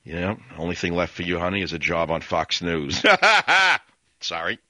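A man's voice: sits low, fairly even intonation, a little fast, pushed and bright, dry recording. An older man hosting a radio talk show, rambling and sarcastic as he airs his opinions in a monologue.

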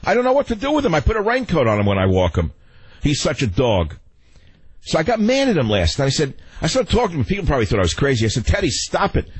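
A man hosting a radio talk show, ranting in an animated, exasperated way into a studio mic. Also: on the high side, fast, slightly rough, no room sound.

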